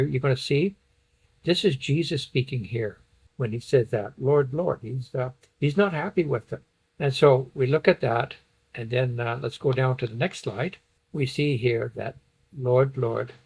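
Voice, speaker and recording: Husky-voiced man teaching a Bible study. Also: mid-range voice, darkish tone, low-quality recording. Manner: explains point by point, reads passages aloud. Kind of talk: Bible study lesson with slides.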